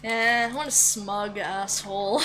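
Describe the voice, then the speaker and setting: A woman chatting casually with friends, laughing often and teasing in an animated way. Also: medium pitch. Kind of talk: casual chat among friends.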